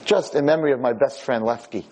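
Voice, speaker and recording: A man voicing an elderly blind nursing home resident who speaks in a pleading, heartfelt, insistent way, with a husky voice. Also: mid-range voice, fast talker, darkish tone, lightly acted, low-quality recording. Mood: urgent.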